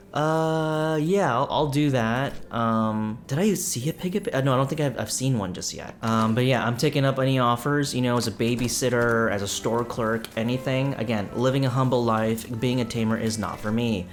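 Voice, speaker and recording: A man's voice: medium pitch, moderate pace, hardly any pauses. Joking man narrating a game playthrough. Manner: joking, offhand, hesitant fillers. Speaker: let's play host. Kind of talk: gameplay commentary.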